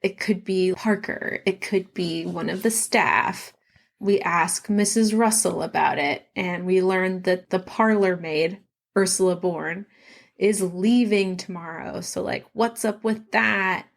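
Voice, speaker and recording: A woman co-hosting a casual book-club podcast, retelling the story in an animated way and giggling often as she acts out characters' lines in quick quoted bits. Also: lowish voice, vocal fry. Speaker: podcast co-host.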